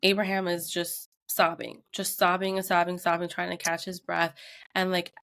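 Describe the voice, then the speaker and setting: Mom animatedly retelling a scary story. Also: female voice, fairly low pitch, normal speed, gravelly. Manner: animated retelling with acted quotes. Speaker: podcast co-host. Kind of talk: casual storytelling chat.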